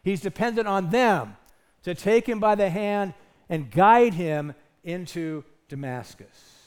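A man's voice: sits high, expressive, slow, clean tone. A man preaching a sermon as pastor, earnest and emphatic, asking his listeners rhetorical questions.

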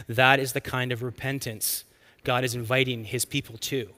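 A man delivers a sermon with a bright, forceful voice. He preaches earnestly and expressively, drawing out important lines for emphasis. His voice sits at an ordinary pitch for a man. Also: flat delivery, moderate pace. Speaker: pastor.

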